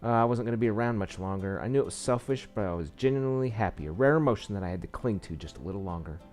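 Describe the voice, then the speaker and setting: A man's voice: on the low side, expressive, racing, a little mellow, faint music behind. A man reading a visual novel aloud, with small slips and asides, saying he is losing his voice. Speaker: game narrator.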